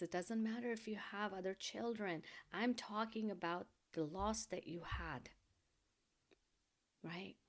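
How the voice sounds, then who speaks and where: A middle-aged woman hosting a podcast, giving gentle advice in a soft, slow, reassuring voice that often drops to a whisper. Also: medium pitch. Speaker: podcast host.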